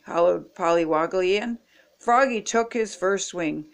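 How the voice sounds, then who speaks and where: A woman's voice: lowish voice, creaky. An older woman reading picture books aloud expressively, stopping to chat with young viewers. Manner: slow, expressive, chatty asides to young viewers. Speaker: storybook reader.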